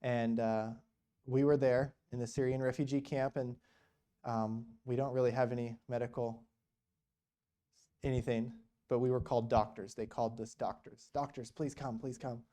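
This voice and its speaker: A man's voice: medium pitch, level tone, normal speed, warm tone. A man preaching in a church, telling stories in a conversational way, full of rhetorical questions and "you know.". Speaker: guest speaker at a church. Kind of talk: storytelling sermon.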